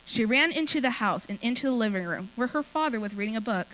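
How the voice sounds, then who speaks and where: A woman reads a short story aloud for a talent show. Her telling is expressive and her pitch bounces around a lot. The voice sits a bit higher than most, with a faint hum behind it. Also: fast, poor audio.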